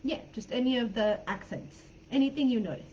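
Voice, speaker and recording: A woman teaching English in a live online class, friendly and chatty, laughing often and filling pauses while she thinks. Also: fairly high pitch, expressive, a little mellow, a little hiss or hum. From California. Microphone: video call. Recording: dull lo-fi video call audio.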